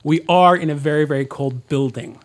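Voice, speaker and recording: A man's voice: a little high, brisk. A man co-hosting a frank, joking podcast in a large sound studio, talking into an old-school mic and teasing his co-host. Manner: playful, teasing, reads listener letters aloud. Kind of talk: casual chat.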